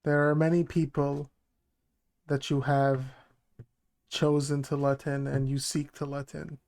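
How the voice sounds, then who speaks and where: A man's voice: a little high, flat delivery, gravelly, a little mellow. A man voicing a cryptic, blunt male teacher who speaks tersely and evades questions. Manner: terse, evasive, measured.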